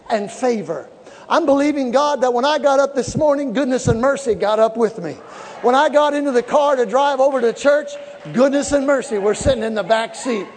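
A man preaching a sermon with fervent shouting and call-and-response to the congregation, recorded in a large church hall. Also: extremely high pitch. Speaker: pastor. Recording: echoey hall with live congregation.

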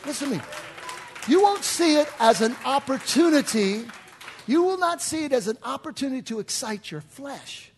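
An older man preaching a sermon in a church, animated, swinging from hushed talk to shouts. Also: sits high, a little hiss or hum. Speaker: pastor.

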